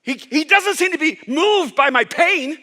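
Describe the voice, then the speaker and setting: A male pastor preaching a sermon with impassioned storytelling that rises toward near-shouts. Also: very high-pitched, lively intonation, measured pace.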